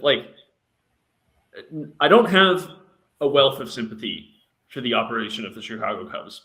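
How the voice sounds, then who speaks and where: A man chatting on a sports podcast, his voice bright and forceful. He rambles as he thinks aloud, circling back with likes and ums. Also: medium pitch. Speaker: podcast panelist. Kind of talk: casual sports talk.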